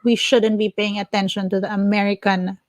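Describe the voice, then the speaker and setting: A woman from the Philippines co-hosting a podcast, talking politics in an opinionated, animated way. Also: mid-range voice, fairly quick, dry recording. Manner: opinionated, animated, restarts mid-thought. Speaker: podcast co-host. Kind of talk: casual chat.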